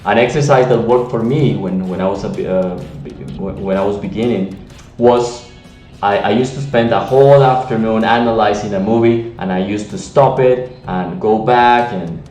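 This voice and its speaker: A man's voice: lowish voice, moderate pace, darkish tone, echoey room, distant mic, soft background music. A man with a Latin American Spanish accent, giving an earnest teaching talk on language learning with frequent restarts. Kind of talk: teaching monologue to camera.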